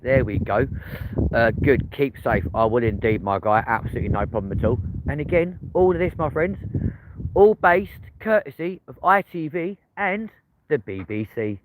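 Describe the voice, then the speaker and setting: A man's voice: medium pitch, animated, normal speed. A man hosting a live walking stream at night, bantering with chat in a cheeky, sweary way. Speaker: livestream host. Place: outdoors on windy city streets at night. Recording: tinny phone audio, loud street noise.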